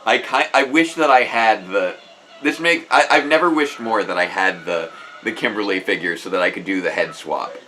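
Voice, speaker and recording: A man's voice: lowish voice, moderate pace, bright, forceful tone, slight background noise, low-quality recording. A man hosting a casual live stream, chatting with enthusiasm and often restarting his sentences. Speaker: host.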